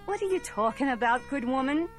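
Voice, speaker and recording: A woman's voice: high voice, expressive, brisk, soft background music. A woman voicing Jack, an earnest young country lad, eager and plain-spoken.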